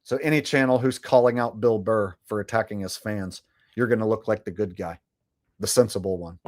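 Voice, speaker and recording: A man's voice: lowish voice, fairly quick, darkish tone. Rambling, foul-mouthed male streamer. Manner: casual, profane, rambling. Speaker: livestream host. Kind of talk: casual livestream commentary.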